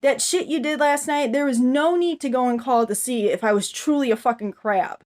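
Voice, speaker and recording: A woman's voice: high voice, normal speed, darkish tone. A woman ranting angrily to the camera, rambling and swearing constantly as she vents. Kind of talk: angry profane rant to camera.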